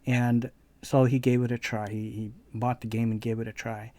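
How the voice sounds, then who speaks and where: A man's voice: mid-range voice, level tone, normal speed, a little mellow, dry recording. A man hosting a gaming video channel, telling a rambling personal anecdote in casual commentary. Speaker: let's play channel host.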